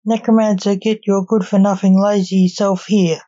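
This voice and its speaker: Woman reading a scolding skeleton reaper, mellow, slow, dull sound. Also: mid-range voice, flat delivery, close to an everyday voice. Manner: demanding, scolding. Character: bossy skeleton Grim Reaper in monk's robe. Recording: dull lo-fi recording.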